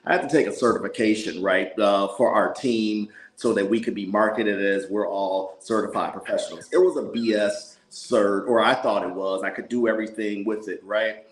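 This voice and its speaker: A man's voice: lowish voice, fairly even intonation, normal speed, few pauses. Emphatic man in a roomy echo. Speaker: caller on a live panel. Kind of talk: casual live audio chat.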